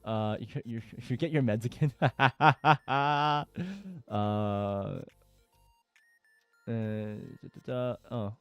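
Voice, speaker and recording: A man's voice: medium pitch, steady tone, very slow, clear, resonant tone, dry recording, faint music behind. A man casually reading forum posts aloud and commenting, with lots of fillers and chuckles. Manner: chatty, with frequent fillers and laughter.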